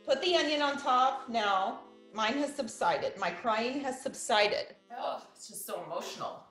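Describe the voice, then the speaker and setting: A woman's voice: a little high, expressive, unhurried, a bit bright, echoey room, soft background music. A woman hosting a casual cooking demonstration, chatty and playful, laughing often as she talks another cook through a recipe. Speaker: cooking show host. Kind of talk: casual cooking demonstration over video call.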